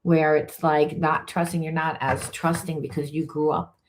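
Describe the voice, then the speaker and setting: A woman's voice: sits low, flat delivery, normal speed, a little hiss or hum. A woman, a spiritual coach, talking through emotional healing in a loose, rambling way full of restarts and fillers. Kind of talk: informal coaching monologue.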